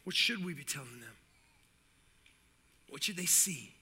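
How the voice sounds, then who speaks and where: A middle-aged man preaches to his congregation in a high, bright voice. He talks with lively energy, repeats phrases and drops in jokey asides and calls of amen. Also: measured pace, slightly rough. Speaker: pastor. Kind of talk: sermon.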